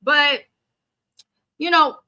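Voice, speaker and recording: A woman hosting a casual live-stream recap of a reality show, talking in an animated, sassy way and reading out viewer comments. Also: high-pitched, drawn-out words.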